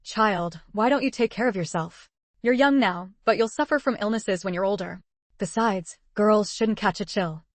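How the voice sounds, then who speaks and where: A woman voicing a kind older woman who gently scolds a young girl in a storybook recap. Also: medium pitch, moderate pace, no room sound, natural voice. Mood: caring. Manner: gentle, motherly reproach.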